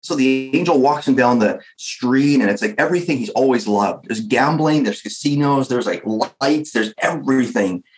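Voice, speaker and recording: Man, podcast host, storytelling, animated, filler-heavy, mid-pitched. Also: normal speed, hardly any pauses, rough recording. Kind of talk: storytelling in casual chat.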